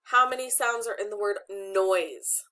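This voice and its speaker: A woman teacher leads a children's phonics lesson, speaking slowly and deliberately. She patiently asks questions and leaves room for her pupils to answer, in a mid-range voice recorded on a computer webcam. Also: medium pitch, pushed and bright.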